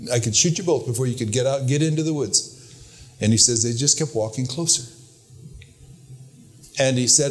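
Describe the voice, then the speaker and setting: An older man delivers a sermon at a middle pitch. He talks earnestly and with emphasis, and he tells stories along the way. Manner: storytelling, quoting with raised pitch, earnest and emphatic. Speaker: preacher.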